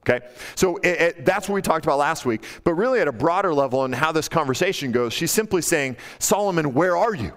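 A male pastor preaching a casual, animated sermon, acting out quotes in a playful, high teasing voice. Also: fast talker. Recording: long hall reverb.

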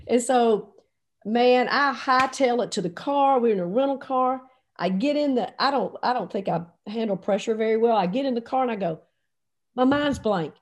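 Animated woman telling a story. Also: on the high side, a little fast. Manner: animated, lots of quoted dialogue. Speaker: storyteller recalling a coaching trip. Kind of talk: anecdotal storytelling.

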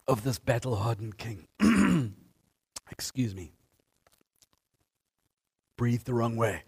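A man's voice: medium pitch, darkish tone. A man preaching a sermon as pastor, emphatic and repeating phrases for effect.

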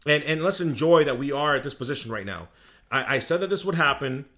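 A man co-hosting a sports podcast, talking in an excitable, boastful way about his favorite team. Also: a little high, fast talker. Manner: excitable, boastful fan talk. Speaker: podcast co-host. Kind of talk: casual sports chat.

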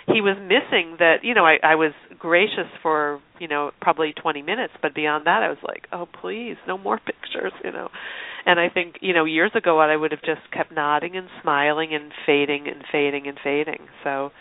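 A woman's voice: low voice, steady tone, a little fast. A woman guest telling personal stories in a candid, chatty way, acting out voices as she quotes people. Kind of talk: candid storytelling chat. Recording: dry tinny phone line.

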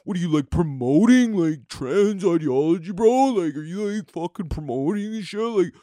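A man's voice: high-pitched, animated, normal speed, mellow, dry recording. A man voicing a sneering young male online troll, scoffing and full of filler words. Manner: scoffing, filler-laden bro talk.

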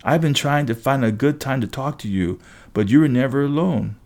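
A man reading an audiobook, voicing a fierce, blunt young heroine with a raised, higher voice. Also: normal speed, a little mellow, natural voice.

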